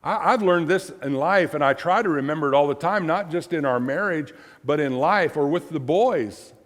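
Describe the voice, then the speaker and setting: A middle-aged man preaching a sermon as pastor, animated and repeating words for emphasis. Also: fairly high pitch, moderate pace. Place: church sanctuary. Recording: long church reverb.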